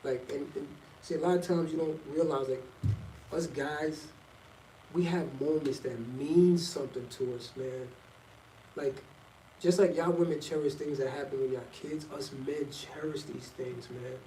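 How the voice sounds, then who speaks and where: A man's voice: a little high, steady tone, measured pace, dark tone, a little hiss or hum. A middle-aged man telling a loose, slangy story in a rambling casual monologue. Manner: loose and rambling, slangy, jumps between topics. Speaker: vlogger. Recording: echoey, from a distance off the mic, faint ambience.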